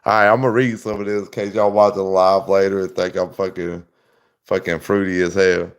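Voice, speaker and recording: Laughing a lot, this man spins rambling, exaggerated tales while hosting a casual livestream. His voice is low and smooth, level in tone, and moves at a moderate pace.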